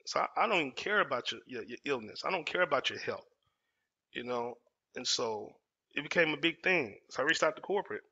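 The dull lo-fi recording captures a storytelling host from Dallas, Texas, in his 40s, sharing a personal story with casual emphasis and repeated phrases. His mid-range voice is creaky, sharp and slightly rough, with lively intonation and a slightly quick delivery.

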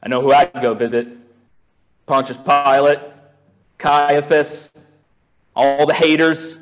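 Conversational pastor preaching, soft to fervent. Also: male voice, steady tone, slow, long pauses. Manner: conversational, musing, with many restarts and rhetorical questions; swings from soft and low to raised and intense. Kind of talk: sermon.

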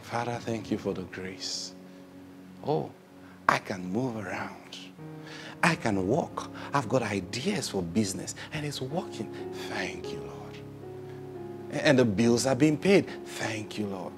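A man's voice: lowish voice, animated, takes it slowly, over music. A man preaching a sermon who asks rhetorical questions, repeats his phrases and acts out what people say.

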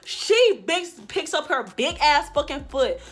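A young woman telling a story straight to her viewers, animated and full of profanity. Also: sits high, a little slow. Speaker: vlogger. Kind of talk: storytime vlog.

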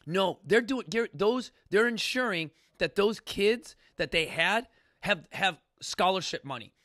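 Fired-up ranting man, bright and high. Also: lively intonation, unhurried, no echo, studio quality. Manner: fired-up, ranting, profane, many restarts. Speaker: podcast host. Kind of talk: impassioned casual talk.

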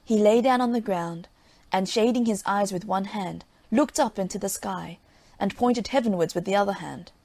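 A woman narrating a folk tale in a measured, plain reading style. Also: medium pitch, darkish tone, no echo. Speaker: storyteller.

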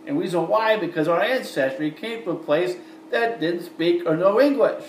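Midwestern man, rambling casual vlog, a bit high-pitched, roomy echo, mic set back. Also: normal speed, a little hiss or hum. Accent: Midwestern American. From American Midwest. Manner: rambling, chatty, addresses viewers as folks. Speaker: vlogger. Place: indoor room with lights. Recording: roomy echo, from far off, faint ambience.

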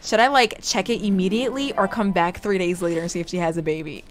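A young woman chatting excitedly through a life-simulation game, talking to her viewers and to the characters on screen. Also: on the low side, fast talker. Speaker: gaming YouTuber. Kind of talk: casual let's play commentary.

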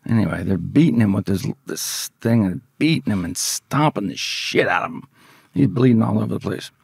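A man's voice: lowish voice, expressive, moderate pace, creaky, darkish tone, slightly rough, no echo, clean studio sound. A man telling a story from his past in casual, profane speech, often acting out the voices of the people in it. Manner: profane, vivid, acts out quoted voices.

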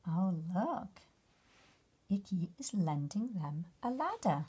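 A woman reading a picture book aloud to children as their teacher, gently asking them questions about the pictures. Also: medium pitch, big pitch swings, slow pace, breathy edge. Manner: gentle, asks the listener questions.

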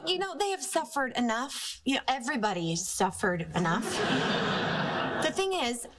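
A woman's voice: a little high, big pitch swings, normal speed. An actress playing a patient, coaxing young woman who talks a friend through a problem in a TV clip. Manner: coaxing, easygoing. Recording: TV clip with clear background noise.

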